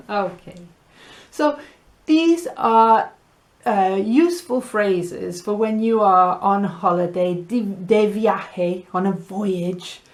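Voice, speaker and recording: Slow, patient woman teaching Spanish. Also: lowish voice, a little mellow. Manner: patient, playful, repeats words slowly and sings them. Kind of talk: language lesson.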